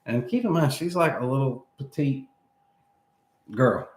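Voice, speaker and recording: A man's voice: mid-range voice, a little slow, roomy sound. A man in his thirties telling a long story in casual chat, laughing as he goes and acting out what people said. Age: 30s. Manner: animated, laughing between lines, acts out quoted speech.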